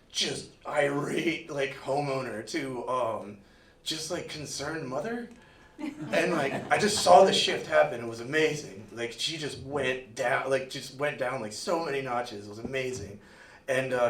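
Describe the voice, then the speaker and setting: A man from Miami, USA, tells a personal story to a live audience at a storytelling night in a museum event room. His medium-pitched, slightly bright voice moves at a measured pace, loose and rambling, full of "like" fillers. The room is echoey, the mic is far off, and a little hiss or hum can be heard.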